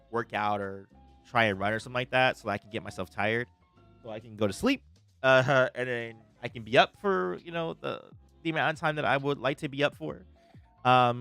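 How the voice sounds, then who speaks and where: A man's voice: mid-range voice, fairly bright tone. A man hosting a livestream in a casual, rambling way, with plenty of filler words as he chats with viewers. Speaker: livestream host.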